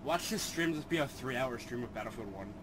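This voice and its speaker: A man's voice: mid-range voice, animated, brisk, a bit bright, low-quality recording. A man playing a shooter with a friend, explaining the game bluntly and swearing casually. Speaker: gamer. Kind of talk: casual gaming banter.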